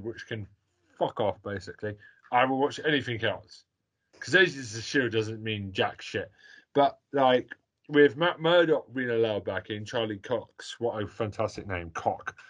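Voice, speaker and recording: A man's voice: mid-range voice, measured pace. Guy hosting a chat, peppy and jokey, swears a lot, mid voice. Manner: excitable, swears freely, jokey. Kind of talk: casual chat. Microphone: video call.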